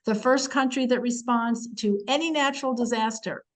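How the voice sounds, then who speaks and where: A woman teaching the weekly Torah portion in a chatty, animated way, acting out quotes and using many fillers. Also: a little high, normal speed, rough recording.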